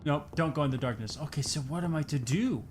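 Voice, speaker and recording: Young man, slightly high voice, tired, jokey horror-game commentary, faint background hum. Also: fast talker, a little mellow. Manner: jokey, talks to himself, jumpy outbursts. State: tired, yawning. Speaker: gaming streamer.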